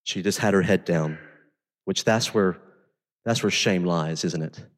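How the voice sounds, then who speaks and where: A male pastor preaches conversationally, moving between intense emphasis and quiet storytelling. His voice sits low and his pace is a little slow, in a large hall.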